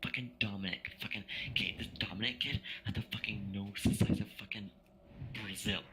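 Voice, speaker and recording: Drunk young man, lowish voice, rambling, swears a lot, noisy voice chat. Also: fairly even intonation, a little fast. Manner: rambling, slurred, swears constantly. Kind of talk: casual chat with friends over voice chat.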